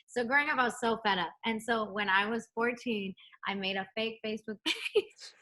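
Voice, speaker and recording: A young adult woman, a pop singer, chatting in a remote interview from home, animated and laughing as she acts out the people in her stories. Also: a little high, normal speed. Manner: animated storyteller, acts out quotes, laughs often. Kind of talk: casual interview chat. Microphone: home setup, remote interview.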